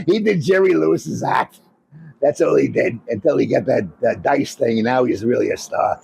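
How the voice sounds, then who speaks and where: A man, a former comedy club owner, co-hosting a casual chat and telling animated stories, swearing freely and laughing often. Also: mid-range voice, moderate pace, gravelly, slightly rough, no echo.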